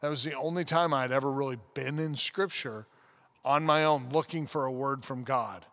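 A man's voice: mid-range voice, moderate pace, fairly bright tone. A man in his forties, a pastor, telling a personal story in a casual podcast conversation, acting out the scenes as he goes. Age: 40s.

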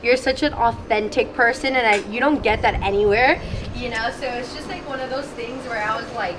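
A woman's voice: fairly high pitch, a little fast, few pauses, noisy background. Earnest young woman giving an emotional toast. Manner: earnest, emotional, rambling with many fillers. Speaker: church staff member. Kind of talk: heartfelt toast among friends.

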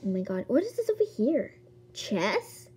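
A woman giving casual gameplay commentary as a video host, excitable and quick to gasp at new things. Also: a little high, breathy edge. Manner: excitable, gasps and squeals at discoveries.

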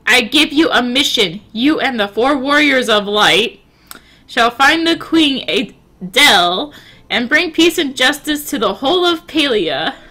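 A woman's voice: high voice, expressive, a little slow, pushed and bright, full character voice. A woman voicing a stern king from a video game, reading his lines aloud in a mock-formal way. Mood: commanding. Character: stern male king giving orders.

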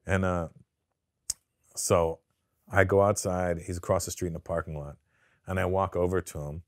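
Canadian-raised man guest, lowish voice, dry studio sound, loose profane storytelling. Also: normal speed, dry recording. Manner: profane, animated storyteller who acts out quotes. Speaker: guest comedian. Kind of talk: casual interview storytelling. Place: studio sit-down interview.

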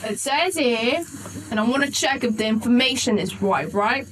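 A woman's voice: a little high, moderate pace, fairly bright tone, a little hiss or hum, close to an everyday voice, rough recording. A woman doing a smug scrawny young guard. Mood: needling. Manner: mocking, repeats "right?" after every charge.

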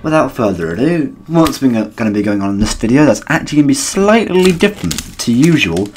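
A man's voice: medium pitch, very animated, brisk, slight background noise. A man with a British accent giving chatty, rambling, self-deprecating commentary while playing a game. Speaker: gaming channel host. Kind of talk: casual gameplay commentary.

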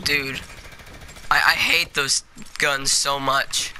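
A man's voice: medium pitch, steady tone, takes it slowly, background noise. A man giving casual gameplay commentary, rambling with lots of fillers and losing his train of thought. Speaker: gaming video creator.

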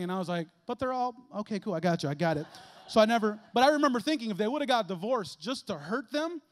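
A young man from Chicago preaching a sermon in a church, animated, with loud emphatic bursts and quick asides. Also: sits high. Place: church sanctuary.

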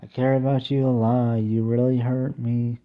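A young man performing a homemade song, half sung and half spoken, in a plaintive, drawn-out way. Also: medium pitch. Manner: plaintive, slow, mostly flat talk-singing with drawn-out "ooh" cries. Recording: tinny phone-like recording.

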